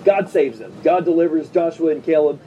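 High-voiced man preaching conversationally. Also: animated, dark tone, distant mic, muffled recording, a little hiss or hum. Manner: conversational preaching with quick asides and humor. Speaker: pastor. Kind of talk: sermon. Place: church service before a congregation.

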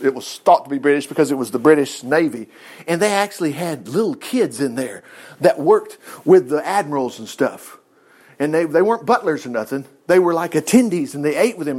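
A man reading a Bible story aloud and breaking off into animated, chatty asides and commentary. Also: sits high. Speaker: Bible teacher.

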